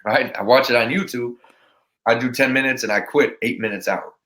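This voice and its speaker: A man talking as a podcast guest with a motivational speaker's energy. He rambles and restarts his sentences, and his voice stays at a middle pitch. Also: fairly even intonation, normal speed, a bit bright. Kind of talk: casual interview chat.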